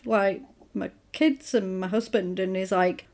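In casual chat, a woman with a mid-range voice retells a film's plot a little slowly. She is animated and acts out the characters' lines in quoted voices.

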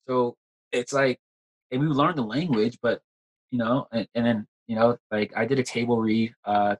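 A man's voice: medium pitch, fairly even intonation, moderate pace, low-quality recording. A young man, an actor chatting in a casual interview, rambling and repeating words. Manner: rambling, repeats words, says "like" and "you know" often. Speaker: actor guest.

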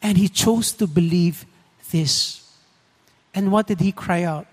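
A man preaches a sermon in a high, earnest voice, often turning to the listeners with questions. Long reverb from the hall trails after his words. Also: slow, a little mellow. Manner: earnest, asks the congregation questions.

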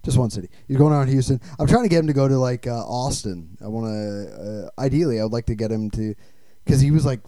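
Podcast host, male, mellow tone, crude rambling humor, dry close mic. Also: medium pitch, expressive, quick pace, few pauses, dry recording. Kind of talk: casual podcast banter.

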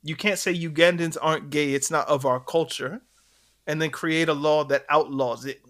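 A man co-hosting a podcast, telling a story in animated casual chat and laughing between points. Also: on the high side, normal speed. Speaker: podcast co-host.

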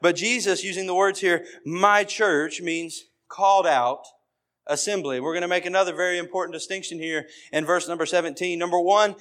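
A man's voice: sits high, steady tone, normal speed, a bit bright. A man preaching an evening sermon, building points through emphatic repeated phrases. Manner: emphatic, repetitive preaching cadence.

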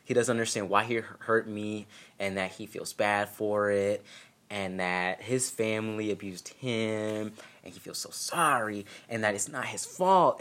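A man's voice: lowish voice, a bit bright. A young man casually telling a personal story, candid and profane with self-mocking humor.

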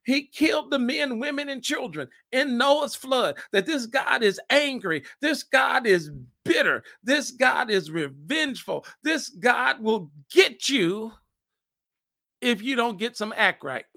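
High, gravelly-voiced man preaching. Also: animated, takes it slowly, sharp tone, no room sound, studio quality. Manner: impassioned preaching with repeated phrases; acts out scripture dialogue. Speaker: pastor. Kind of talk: podcast sermon.

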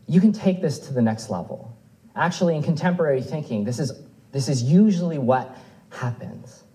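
A man's voice: a little high, expressive, moderate pace, dark tone, poor audio. A man preaching a sermon in a church, earnestly reading scripture aloud with rising and falling emphasis. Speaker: pastor.

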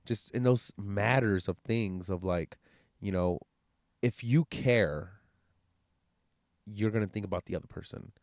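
A man with a low voice and a nose still blocked up from a cold talks straight into the mic, with little room sound around him. He hosts his podcast alone and rambles in a loose, profane, candid way. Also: measured pace, pauses often, a little mellow, no room sound, clean studio sound. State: congested, nasal from a cold. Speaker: podcast host. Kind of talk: casual solo podcast monologue.

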